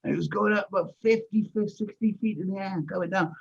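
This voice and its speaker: An older man hosts a relaxed group chat and tells his stories with swearing and lively energy. His voice sits a little high. The audio is dull and lo-fi. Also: quick pace, creaky, husky. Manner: profane, animated anecdote-teller. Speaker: host. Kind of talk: casual chat.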